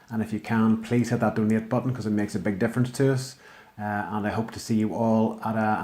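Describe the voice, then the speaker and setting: Wry Northern Irish man, low voice. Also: darkish tone. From Northern Ireland. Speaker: spoken-word performer. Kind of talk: comic spoken-word poetry.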